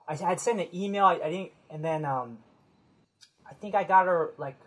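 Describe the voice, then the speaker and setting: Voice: mid-range voice, normal speed, low-quality recording. A podcast host chatting casually, rambling and correcting themselves mid-story.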